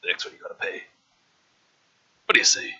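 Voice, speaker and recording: A man doing a gruff, breathy butcher. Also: brisk, pushed and bright. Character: burly gruff male butcher with a cleaver.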